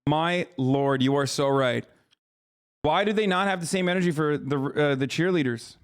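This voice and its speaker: Man with a slightly high voice, for an incredulous live-stream reaction host who swears freely. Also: normal speed, clear, resonant tone.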